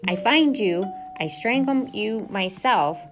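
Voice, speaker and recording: A gruff male ship's cook from a storybook, loud and menacing, barking short broken threats, as a woman reads him out. The voice sits a little higher than the reader's own low voice, over music in the background. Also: expressive, slow pace. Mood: threatening.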